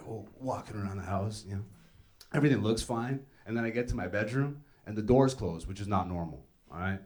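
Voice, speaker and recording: A man's voice: lowish voice, fairly quick, a little mellow. A young man doing a profane, conversational stand-up set on a comedy club stage, telling stories and acting out other people's lines. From Ethiopian, born in Greece, raised in Canada. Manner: profane, conversational storytelling with act-outs. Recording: live club set with crowd laughter. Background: audience laughing.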